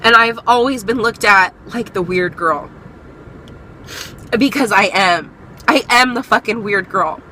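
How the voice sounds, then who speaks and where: A woman's voice: mid-range voice, unhurried, pauses often, pushed and bright, slight background noise, rough recording. A young woman vlogger giving a candid, earnest motivational talk, encouraging her viewers and swearing freely.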